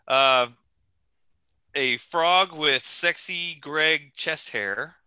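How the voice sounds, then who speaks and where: Bright, crisp, blunt man. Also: on the high side, very slow, no room sound. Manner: blunt, profane joker. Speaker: podcast co-host. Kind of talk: casual movie review chat.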